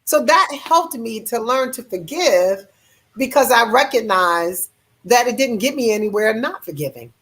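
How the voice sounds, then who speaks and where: A woman hosting a podcast, talking in an expressive way and laughing easily. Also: on the high side, unhurried. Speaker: podcast host. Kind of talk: casual chat.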